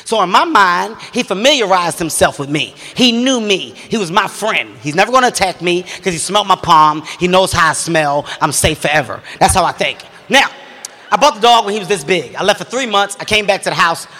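A man's voice: high-pitched, animated, a little fast, bright, forceful tone. A man telling a stand-up story with intense, profane energy. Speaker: stand-up comedian. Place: comedy stage before a live audience. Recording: long hall reverb.

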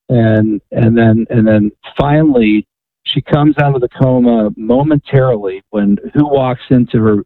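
A man's voice: medium pitch, no room sound. A man, a guest author, telling a story on a radio interview, often repeating and restarting words. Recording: tinny phone line.

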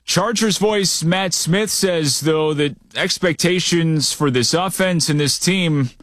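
A man hosting a sports news show, reading scripted updates at a brisk, upbeat clip. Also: fairly high pitch, a bit bright, no room sound, clean studio sound.

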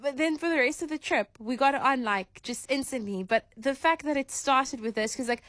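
A woman's voice: high-pitched, moderate pace, a bit bright, no echo. Co-host, woman, chatty storyteller, dry close studio sound. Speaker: radio co-host. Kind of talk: casual radio chat.

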